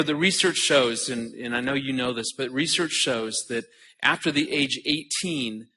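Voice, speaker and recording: A middle-aged man addresses a conference audience in an earnest, personal way, often stumbling over the first words of a thought. His voice has a bright, forward tone. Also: medium pitch. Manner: earnest, repeats words when starting a thought. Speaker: conference speaker. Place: conference hall stage.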